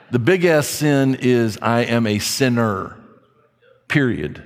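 A man's voice: medium pitch, lively intonation, slow pace, big-room sound. A man preaching a sermon in an emphatic, conversational way, asking rhetorical questions.

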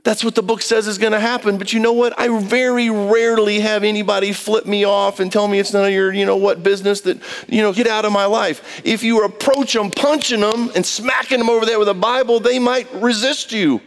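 A man preaching a sermon in an impassioned, pleading way, swinging between high and low. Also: steady tone, brisk, hardly any pauses.

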